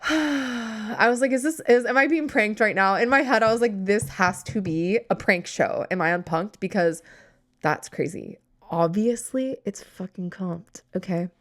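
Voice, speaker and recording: A young woman hosting a podcast, telling a story in casual chat, exasperated and sarcastic, swearing freely and acting out both sides of the conversation. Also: on the high side. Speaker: podcast host.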